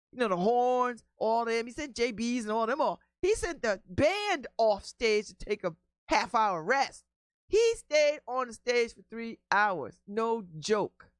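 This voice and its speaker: A woman's voice: a little high, no room sound, clean studio sound. A woman hosting a radio talk show, telling stories about music in a casual, emphatic way. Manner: animated storytelling, emphatic repeats.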